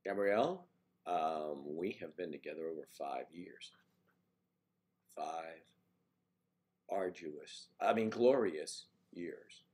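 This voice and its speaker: Long pauses punctuate the slow, expressive speech of this man, whose voice is low and a little mellow. On his casual morning livestream he reads out viewer names and comments, responding with relaxed jokes and asides.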